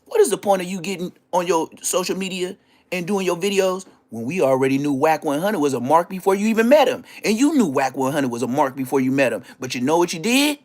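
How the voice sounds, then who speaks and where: A man's voice: expressive, quick pace. A man hosting a livestream, delivering a heated, taunting, profane rant at a rival. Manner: swings between low growls and high yelps. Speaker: livestream host. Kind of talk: ranting livestream monologue.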